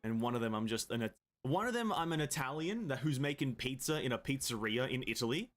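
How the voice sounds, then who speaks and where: A man's voice: mid-range voice, expressive, fast talker, fairly bright tone, soft background music. Young guy, game streamer, loose rambling jokey chat, mid-range voice. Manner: rambling, joking, reads chat aloud. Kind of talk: casual live-stream chat.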